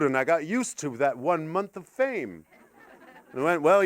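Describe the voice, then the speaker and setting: Lively Canadian man doing stand-up. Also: a little high, brisk. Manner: animated, swearing, jumps into silly put-on voices. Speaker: stand-up comedian. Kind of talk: stand-up comedy set. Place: comedy venue stage.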